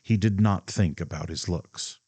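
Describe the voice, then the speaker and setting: A man narrating a classic novel as an audiobook reader, in a measured storytelling manner. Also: sits low, mellow, husky, no room sound. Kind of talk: scripted narration.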